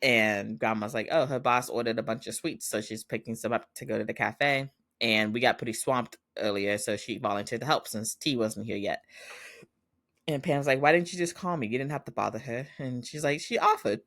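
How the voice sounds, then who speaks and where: A man hosts a podcast and recaps a drama in a loose, chatty way. His voice sits at a middle pitch. He acts out the characters' lines with animation as he tells the story. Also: normal speed. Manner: animated retelling, acting out quoted lines and laughing often. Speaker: podcast host. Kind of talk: casual recap of a TV episode.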